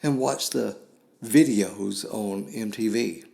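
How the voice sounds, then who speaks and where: Older guy podcast host, real slow and gravelly, grave story told with long pauses. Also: fairly low pitch, warm tone. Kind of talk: solemn storytelling monologue.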